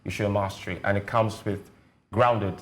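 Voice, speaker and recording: A man's voice: on the low side, fairly even intonation, normal speed, a little hiss or hum. A man with a Nigerian accent, a guest educationist on a studio panel, explaining points with examples in a teacherly way. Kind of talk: panel discussion.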